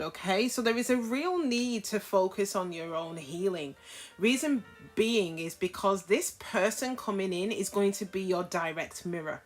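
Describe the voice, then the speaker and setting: A woman's voice: mid-range voice, measured pace, fairly bright tone, faint music behind. A woman giving a casual tarot reading to camera, frank and chatty, often checking in with her listeners. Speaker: tarot reader.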